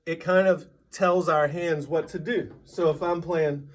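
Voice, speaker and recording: A man teaching a drum lesson, patiently explaining and counting sixteenth-note rhythms out loud. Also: on the high side, steady tone, unhurried, heavy background noise.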